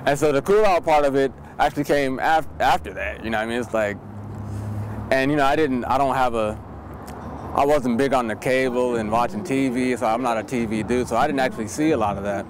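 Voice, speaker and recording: A man's voice: mid-range voice, a little fast, a little hiss or hum. Rambling man reminiscing outdoors. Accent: Seattle. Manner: loose, rambling, many "you know what I mean". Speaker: interviewee. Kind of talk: casual reminiscing interview.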